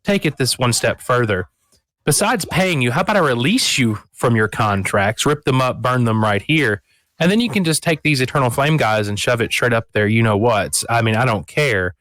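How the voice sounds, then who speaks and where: A man voicing a cocky male adventurer who bargains with mercenaries in a quick, pushy way. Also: medium pitch, lively intonation, fairly bright tone, no echo, natural voice.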